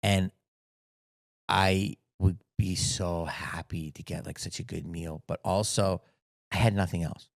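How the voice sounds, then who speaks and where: A middle-aged man appears as a guest on a casual storytelling podcast interview, telling profane, animated stories with big swings in energy. His low voice moves at a measured pace with vocal fry, and the recording is dry and close, with no room sound.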